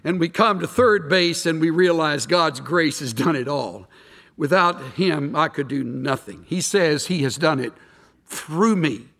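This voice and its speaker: Male pastor, high-pitched, emphatic sermon delivery with rhetorical questions, long hall reverb. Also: lively intonation, unhurried, a bit bright.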